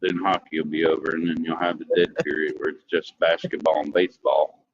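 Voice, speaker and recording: A man's voice: a bass voice, little pitch movement, a little fast, noisy background. A man co-hosting a casual chat, blunt and grumbling, with a self-deprecating streak. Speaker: co-host. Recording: dull lo-fi sound.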